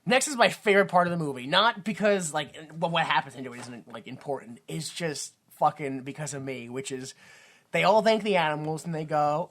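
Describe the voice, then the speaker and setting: A man's voice: a little high, fairly quick, a bit bright. A man co-hosting a comedy podcast, chatting casually, rambling and swearing, often slipping into silly voices for the characters he describes. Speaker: podcast co-host.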